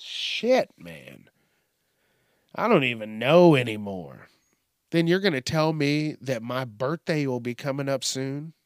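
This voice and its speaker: A man's voice: mid-range voice, moderate pace, no echo, studio quality. Rambling, profane man with a slight twang. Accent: slight Southern twang. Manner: profane, rambling, laughs often. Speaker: podcast host. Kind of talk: casual solo podcast rant. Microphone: studio microphone.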